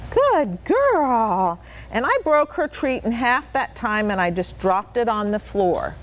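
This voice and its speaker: A woman's voice: mid-range voice, lively intonation, normal speed. A woman dog trainer patiently coaching children, with upbeat, sing-song praise. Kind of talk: hands-on instruction to children.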